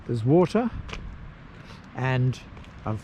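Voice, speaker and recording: A man casually narrating a road trip outdoors, rambling with pauses and fillers. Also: medium pitch, big pitch swings, warm tone. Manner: slow, rambling, pausing with fillers. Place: outdoors at campsites and parks. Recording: noisy outdoor recording.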